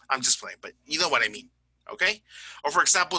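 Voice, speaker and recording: A man teaching an English grammar lesson in a chatty, joking way. He keeps checking understanding with "right?" and "okay?" and slows down to spell out word endings. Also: fairly high pitch, pushed and bright, no echo. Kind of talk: recorded online grammar lesson.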